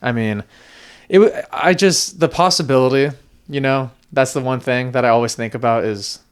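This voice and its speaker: A man co-hosts a casual sports podcast in a smooth, resonant voice. He talks eagerly and rambles, leaning on fillers as he goes. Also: mid-range voice, normal speed. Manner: eager, rambling fan talk with many fillers. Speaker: podcast co-host.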